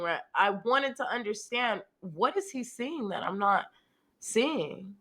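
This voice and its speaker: A woman guest in an interview speaking candidly, often pausing to search for words and laughing now and then. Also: mid-range voice, lively intonation, fairly bright tone.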